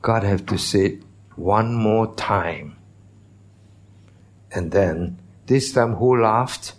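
A pastor preaching a sermon in a church, teaching in a conversational way and putting questions to the congregation. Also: male voice, fairly low pitch, extremely slow.

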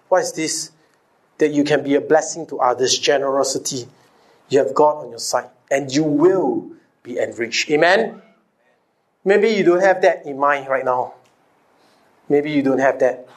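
In a bright, high voice, a pastor delivers his sermon, hammering key phrases by repeating them. He keeps engaging the congregation through call-and-response and rhetorical questions.

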